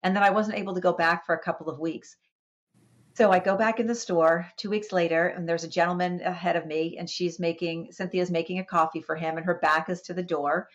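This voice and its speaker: A woman, a wellness coach, telling a personal story in a podcast interview with lively expression and small restarts. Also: on the low side, a little fast, dull audio.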